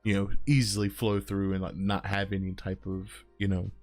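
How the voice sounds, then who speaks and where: A man's voice: low-pitched, completely flat delivery, moderate pace, darkish tone, soft background music. A man hosting a casual interview over an online call, talking loosely with plenty of filler words and casual swearing. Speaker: host.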